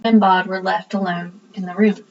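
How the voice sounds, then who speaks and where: A woman's voice: medium pitch, level tone, normal speed, recorded from a distance, lo-fi sound, soft background music. Woman reading a storybook aloud. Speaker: audiobook narrator.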